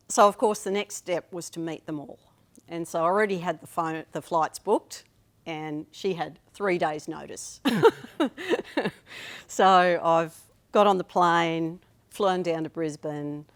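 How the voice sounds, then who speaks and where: A woman's voice: low voice, steady tone, slow pace, fairly bright tone. A woman in her fifties telling a personal story at a live storytelling night, chatty and self-amused, with trailing restarts. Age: 50s.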